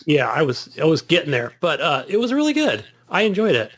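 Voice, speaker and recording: Chatty middle-aged man, higher voice. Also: very animated, a little fast, fairly bright tone, breathy edge. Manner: chatty storyteller, laughs at himself. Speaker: podcast co-host. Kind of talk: casual chat.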